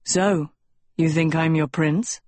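A woman's voice: sits low, steady tone, takes it slowly, darkish tone, no room sound. A woman voicing a cocky young prince. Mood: smug. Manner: smug and teasing. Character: cocky teenage prince, arrogant swordsman.

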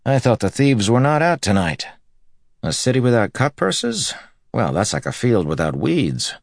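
A man's voice: medium pitch, sing-song, normal speed, gravelly, no room sound, clean studio sound, pitched above the performer's own voice. A man voicing a sardonic, swearing male street fighter in audiobook dialogue, talking in a wry, exasperated grumble.

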